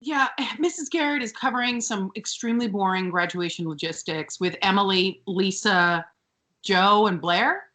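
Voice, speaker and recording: A woman co-hosting a casual podcast, recapping scenes with sarcasm and mimicking characters. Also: moderate pace. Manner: animated, sarcastic, mimics characters in high shrill bursts. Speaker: podcast co-host.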